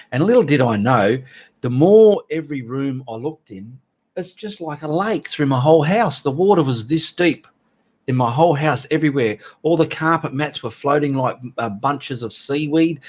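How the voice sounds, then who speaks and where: A middle-aged Australian man hosting a casual livestream, chatting in a rambling way and greeting viewers by name. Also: medium pitch. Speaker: livestream host.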